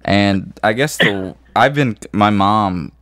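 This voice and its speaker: A man's voice: lowish voice, slow pace, fairly bright tone, no echo, studio quality. A young man hosting a podcast, chatting casually and cursing a lot as he jokes. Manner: profane, joking. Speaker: podcast host. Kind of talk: casual chat.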